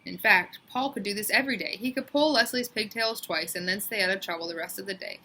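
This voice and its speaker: A woman reading a children's book aloud, telling the story in a lively, expressive way. Her voice is bright and has a gravelly edge. Faint noise and birdsong sit behind her. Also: mid-range voice, quick pace. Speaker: storybook reader.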